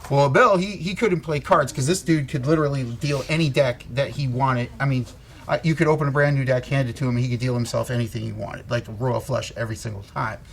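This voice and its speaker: A man's voice: mid-range voice, fast talker, vocal fry. A man telling a long war story in casual, profane, rambling talk, laughing as he goes. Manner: rambling, swears a lot, laughs often. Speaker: co-host.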